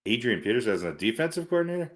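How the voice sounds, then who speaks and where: A man's voice: mid-range voice, sing-song, racing. A man co-hosting a sports podcast in casual chat, dropping short, dry jokes. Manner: dry joking interjections. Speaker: podcast co-host.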